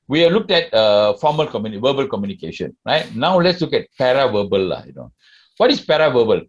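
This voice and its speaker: A man's voice: mid-range voice, dull audio. A man with a Malaysian English accent giving a classroom lecture and often asking the class questions. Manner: asks the class questions, tags sentences with "lah".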